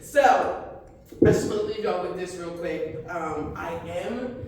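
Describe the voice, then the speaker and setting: A woman in her fifties doing a stand-up comedy set, brash and profane, punching her lines loudly. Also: lowish voice, a little slow, crowd noise. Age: 50s. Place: comedy club stage. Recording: echoey club from far off. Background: audience laughing.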